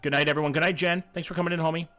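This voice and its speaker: A man's voice: on the high side, steady tone, racing, sharp tone, faint music behind. A man streaming a geography game, chatting casually and reading chat aloud, swearing freely, a little sick. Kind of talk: casual live-stream chat while gaming.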